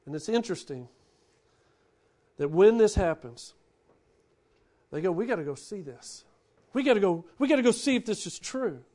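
A man preaching a sermon, who swings between loud, animated bursts and hushed, quiet lines. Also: sits high, normal speed, pauses often. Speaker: pastor.

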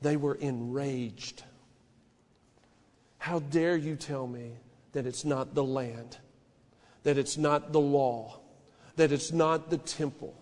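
A male pastor preaching a sermon in a church, shouting some lines and dropping to a hushed warning on others. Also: slow, pauses often, long reverb tail. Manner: fervent preaching, swinging from shouted declarations to low hushed warnings. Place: church sanctuary.

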